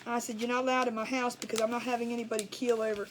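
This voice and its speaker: A middle-aged woman with a fairly high voice talks in a rambling, colloquial way, like a craft host chatting with viewers. She gets animated when she tells a story. There is a faint hiss of noise behind her. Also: racing. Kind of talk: casual storytelling chat.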